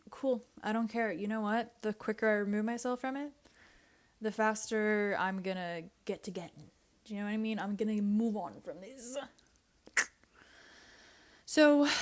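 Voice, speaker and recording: A woman's voice: medium pitch, darkish tone. A woman vlogger giving a blunt, opinionated reality TV recap, repeating herself and swearing in casual slang.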